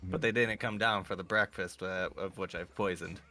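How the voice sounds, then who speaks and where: A man's voice: sits low, fairly even intonation, moderate pace, pushed and bright, soft background music. A man playing in a tabletop game, joking sarcastically in character and laughing often. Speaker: player. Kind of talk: casual in-character game banter.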